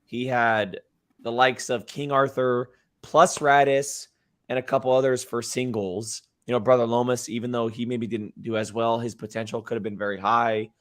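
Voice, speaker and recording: A man co-hosting a casual podcast, a bit hoarse, rambling and often tacking on "right?". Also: mid-range voice, level tone, moderate pace, a bit bright. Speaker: podcast co-host.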